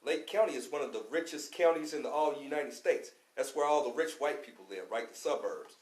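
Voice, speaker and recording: A man from Louisville, Kentucky, with a slightly high voice, talks fairly quickly while teaching a class on a radio show, delivering a fiery, slangy, preaching street-talk lecture. He keeps repeating "you know what I'm saying." The recording is poor and sounds roomy.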